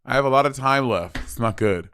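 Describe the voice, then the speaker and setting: Campy gravelly man in his thirties. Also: medium pitch, brisk, fairly bright tone. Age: 30s. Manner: campy, blunt, swears freely. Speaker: podcast co-host. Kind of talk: casual chat.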